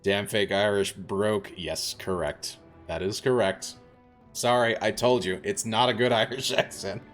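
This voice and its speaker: A man's voice: on the low side, steady tone, a little slow, a bit bright, soft background music. A man streaming a video game, chatting casually in a rambling way with many fillers and laughing at himself. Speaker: variety streamer. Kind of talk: casual gameplay commentary.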